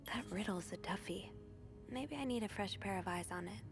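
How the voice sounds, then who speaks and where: A woman's voice: mid-range voice, normal speed, music in the background, close to an everyday voice. A woman voicing a video game character who muses to herself over a puzzle. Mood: puzzled.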